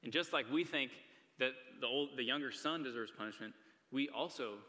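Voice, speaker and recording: A young male preacher talks to a gathered crowd in a casual, earnest way and keeps checking in with them. His voice is bright and forceful. A long reverb from the church hall trails after his words. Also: medium pitch, brisk. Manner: casual and earnest, many "like" and "right?" asides. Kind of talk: sermon. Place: church hall with a live audience.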